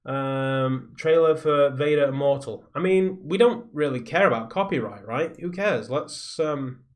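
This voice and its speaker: A man's voice: medium pitch, animated, unhurried. A man live streaming from a soundproofed home recording room, rambling in casual chat and reading viewer comments aloud. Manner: rambling, reads viewer comments aloud, skims text with "blah blah".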